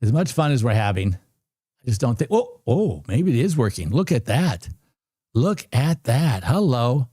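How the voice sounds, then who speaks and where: A man in his sixties giving live commentary on a trading stream, excitable and repeating himself as he urges the market on. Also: medium pitch, a little slow, husky, no room sound, studio quality. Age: 60s. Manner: excitable, talks to the screen, repeats phrases. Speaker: livestream trading host.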